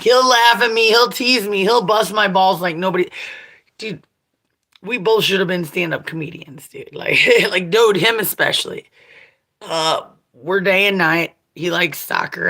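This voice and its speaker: A woman's voice: fairly low pitch, gravelly, sharp tone. A woman in her forties talking casually to her viewers in a blunt, profane, rambling way, laughing often. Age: 40s. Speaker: vlogger.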